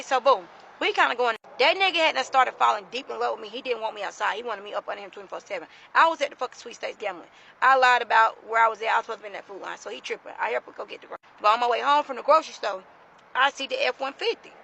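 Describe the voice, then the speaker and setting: A woman telling a story to her phone camera in a casual, animated, profane way. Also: a little high, fast, gravelly, rough recording. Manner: animated, profane, dramatic retelling.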